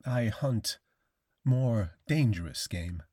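A polished, quietly menacing older aristocrat hunter, read by a man in an audiobook. The voice sits low and a little husky, unhurried and courteous, with a dry, close sound. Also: dry recording. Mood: suave, menacing. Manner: slow, measured, courteous delivery. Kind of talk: audiobook reading.

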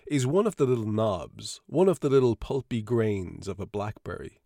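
A man's voice: fairly low pitch, animated, gravelly, mellow, no room sound. A man voicing an older male doctor who lectures in a composed, persuasive way. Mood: lecturing. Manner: lecturing, brisk and emphatic.

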